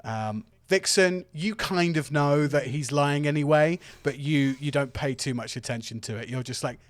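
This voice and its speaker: A man narrating as game master in a tabletop game, relaxed and halting, with many fillers. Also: a little high, no echo.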